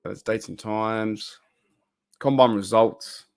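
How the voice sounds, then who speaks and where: A man's voice: fairly low pitch, steady tone, slow, darkish tone, smooth. A young Australian man hosting a casual livestream, chatting loosely and reading out viewers' messages. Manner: rambling, reads chat aloud, loose and chatty. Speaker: livestream host.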